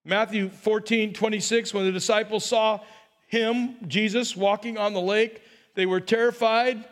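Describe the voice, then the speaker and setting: High-voiced animated male preacher. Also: measured pace. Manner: animated, joking preacher with repeated restarts. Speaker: pastor. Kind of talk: sermon.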